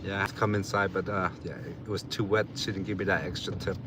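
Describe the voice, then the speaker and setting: A man's voice: deep voice, flat delivery, fast talker, background noise. A man chatting casually on a live stream, laid-back and drowsy, laughing often and swearing casually. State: drowsy after a nap. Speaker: livestreamer.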